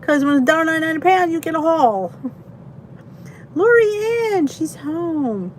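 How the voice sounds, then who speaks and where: Her voice is very high and lively in intonation, moving at a normal speed as she hosts a laid-back livestream from the basement by the heater. She's tired and yawns, but she keeps chatting, laughing, and naming viewers as she greets them, over a slight hiss or hum.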